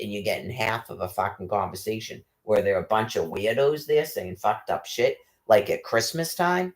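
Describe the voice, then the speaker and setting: A man's voice: medium pitch, very animated, moderate pace, few pauses. A man, ranting angrily and swearing constantly, firing off rhetorical questions. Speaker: ranting commentator. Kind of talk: angry profane rant.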